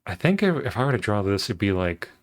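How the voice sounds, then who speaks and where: Guy streaming his drawing, lowish voice, lots of likes and ums, goofy and laid back. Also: very animated, fast talker. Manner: rambling, filler-heavy, playful. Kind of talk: casual chat while drawing on stream.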